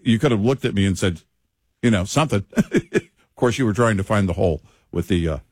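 A man's voice: lowish voice, expressive, brisk, darkish tone, no room sound. A man co-hosting a talk radio show, teasing his partner with dry sarcastic quips. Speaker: radio co-host. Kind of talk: joking talk radio banter. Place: radio studio.

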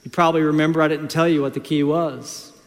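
A man's voice: fairly high pitch, steady tone, fast. Emphatic male pastor in a reverberant hall. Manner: emphatic preaching, swings between quiet storytelling and loud exhortation. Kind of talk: sermon.

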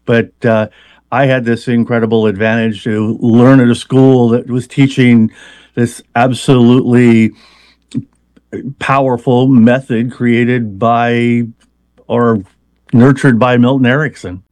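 A man's voice: medium pitch, little pitch movement, slow pace, a little mellow, no room sound. A man being interviewed as a hypnotist, explaining at length in a conversational way with many fillers and restarts.

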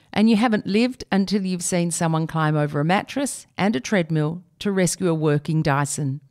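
A woman's voice: fairly low pitch, darkish tone. A woman reading a humorous personal essay aloud in a wry, conversational way.

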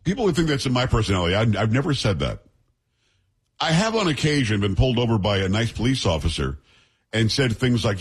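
A middle-aged man hosts a radio talk show in a relaxed, joking way. His voice is a little husky, and he banters easily with a sidekick between segments. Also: medium pitch, quick pace. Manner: chatty, jokey banter with sidekick.

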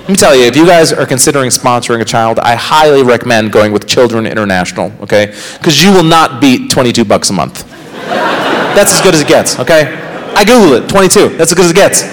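A man doing a stand-up set in a sarcastic, mock-defensive way with deadpan asides. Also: medium pitch, quick pace, in a large hall, rough recording. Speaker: stand-up comedian. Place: comedy club stage. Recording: live club recording with crowd noise. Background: laughing crowd.

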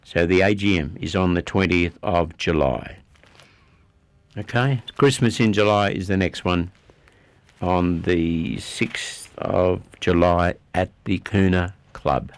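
An Australian man presenting announcements on community radio in a chatty way, repeating details and pausing with fillers. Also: low voice, steady tone, no echo. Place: radio studio.

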